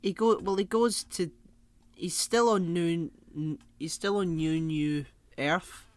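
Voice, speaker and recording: A man co-hosting a podcast in casual chat, blunt and sweary, teasing his co-host with quick restarts. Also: fairly high pitch, dry recording.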